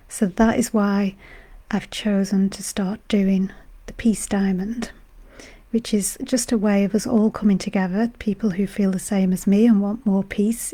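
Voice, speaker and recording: Woman, from Britain, meditation guide, unwell voice, whispery, mellow, rambling and gentle. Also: mid-range voice. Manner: soft-spoken, gentle and rambling, with frequent fillers. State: unwell, voice going. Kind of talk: casual spiritual talk on a live stream.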